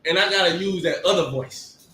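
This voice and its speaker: A man giving a conversational sermon, talking in an animated, emphatic way and firing off rhetorical questions. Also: high voice, moderate pace, slight background noise. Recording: echoey room, distant mic.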